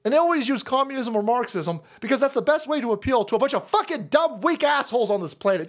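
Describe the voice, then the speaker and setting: A man ranting on a livestream, crude and mocking, whose voice leaps up and down in pitch as he flips between grumbling low and shouting high. He curses constantly and keeps dabbing at a bleeding nose. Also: lively intonation, fast talker. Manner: profane, mocking, loud swings into shouting. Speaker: streamer host.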